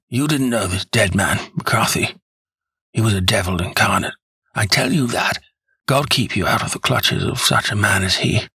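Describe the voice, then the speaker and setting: A man voicing a grave, weary old man who is dying and makes a slow confession. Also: lowish voice, sharp tone, husky, dry recording, exaggerated voice. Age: older. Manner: heavy, slow confessional telling.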